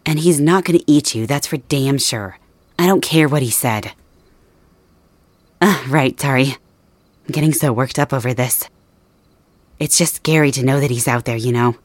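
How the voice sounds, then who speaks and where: A woman voicing a protective young female friend in an ASMR role-play, talking softly and reassuringly straight to the listener. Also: rumbling low, moderate pace, long pauses, no echo. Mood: worried. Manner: soft, reassuring, addresses listener directly.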